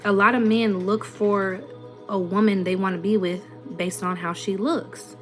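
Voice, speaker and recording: A young woman with a Southern US accent talks casually to her audience, reading comments and answering them bluntly with plenty of sass. Her pitch sits in a middle range, and faint music plays in the background. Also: fairly even intonation, a little slow. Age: 20s. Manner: blunt, sassy, rhetorical questions. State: runny nose. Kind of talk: casual livestream chat.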